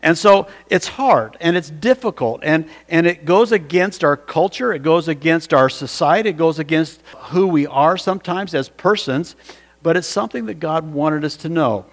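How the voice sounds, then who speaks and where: A man's voice: a little high, moderate pace. A man preaching a sermon as pastor, telling a story in an earnest way and often restarting his sentences. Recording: long hall reverb.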